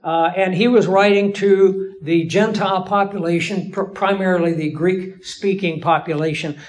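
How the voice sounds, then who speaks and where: High-voiced man teaching a Bible class. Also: fairly even intonation, normal speed, poor audio.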